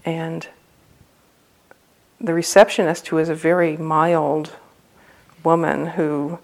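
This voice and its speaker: A woman's voice: deep voice, little pitch movement, takes it slowly. A woman meditation teacher giving a dharma talk at a retreat center, telling a personal story in a humorous, loose, conversational way.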